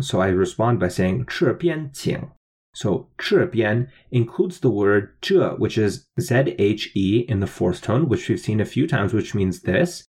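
A man's voice: lowish voice, a little mellow, husky. A man teaching a language lesson, explaining phrases word by word and spelling out their tones. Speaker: language teacher playing a waiter.

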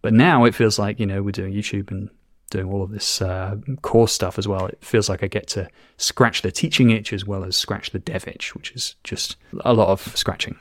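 A man's voice: fairly low pitch, steady tone, normal speed, fairly bright tone, no room sound. A man with a posh British accent, a podcast guest chatting articulately with a dry sense of humor. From England. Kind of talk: casual interview chat.

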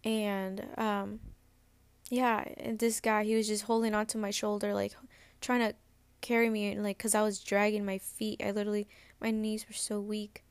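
This podcast host, a woman in her twenties, recounts something personal with candor, wandering off track and saying "like" constantly, with frequent restarts. Her mid-range voice sounds clean and flat at a moderate pace, recorded dry.

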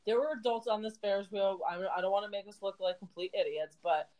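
A woman's voice: medium pitch, fast, a little mellow, poor audio. Laughing, teasing woman podcast co-host. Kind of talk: casual chat.

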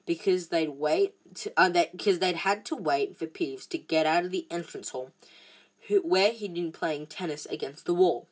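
A woman with a fairly low voice reads a novel aloud. She stumbles now and then, backing up to restart sentences with small fillers. It is a plain, home-style reading. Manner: halting, frequent restarts and fillers. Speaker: storybook reader.

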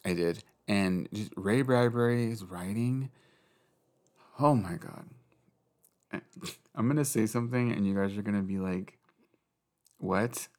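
A book vlogger with a deep, gravelly voice chats casually late at night, rambling about books. He swears a lot and giggles at himself as he goes.

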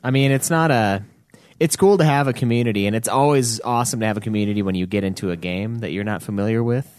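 A man's voice: on the low side, quick pace, darkish tone, no echo, studio quality. A man co-hosting a casual gaming podcast, blunt and swearing freely as he banters. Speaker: podcast co-host.

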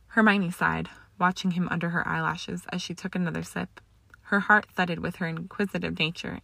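Low, gravelly woman reading a story aloud. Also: no room sound. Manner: steady storytelling with small slips. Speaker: narrator. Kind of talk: reading fan fiction aloud.

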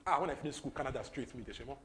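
A young man from Nigeria with a Nigerian English accent, preaching a lively sermon that repeats phrases and slips into pidgin. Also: mid-range voice, racing, slight background noise. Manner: animated, repetitive, breaks into laughter and pidgin.

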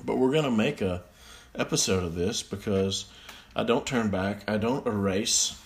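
Recorded on a phone, a man with a fairly low voice reads slang definitions aloud and mocks them in casual solo commentary. At a moderate pace, he comes across as sarcastic, mocking, and easily amused.

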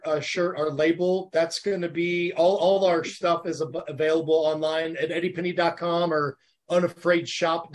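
A man in his forties from the United States, a podcast guest talking in an animated, earnest and heartfelt way. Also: a little high. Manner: animated, earnest and heartfelt, talks about faith. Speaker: podcast guest, former Navy SEAL. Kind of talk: casual interview chat.

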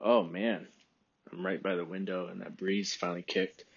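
Husky, phlegmy man rambling on a podcast. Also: deep voice, normal speed, muffled recording. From Texas. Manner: rambling, relaxed, frequent throat clearing. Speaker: podcast host. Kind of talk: casual solo podcast chat. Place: room by a window.

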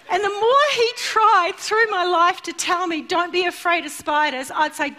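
A woman's voice: very high voice, moderate pace, hardly any pauses. A middle-aged woman preaching a sermon in church, telling stories animatedly and acting out the voices. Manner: animated storytelling, acts out voices. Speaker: church speaker.

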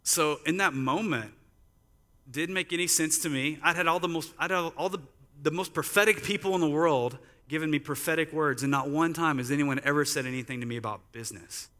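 A man's voice: fairly high pitch, fairly quick, pushed and bright, big-room sound. A man preaching a sermon in a conversational storytelling manner, using lots of "like" fillers. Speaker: pastor. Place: church sanctuary.

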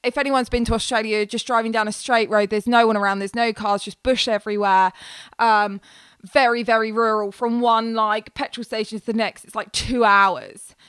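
A woman in her thirties with a smooth, clear voice that sits a little high. She tells stories in a casual, animated way and acts out quoted lines. The sound is close and dry. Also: moderate pace, no room sound. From England. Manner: animated storyteller, acts out quoted voices and laughs through the story. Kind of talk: casual storytelling chat.

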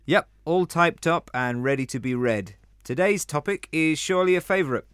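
A man's voice: a little high, animated, normal speed, fairly bright tone, clean tone, no echo. Dry-humoured London podcast man. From England (London). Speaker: podcast co-host. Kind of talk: casual scripted podcast chat.

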